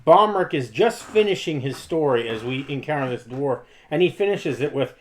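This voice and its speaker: A man playing a tabletop role-playing game, speaking his dwarf character's lines with halting restarts. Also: fairly high pitch, animated. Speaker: player.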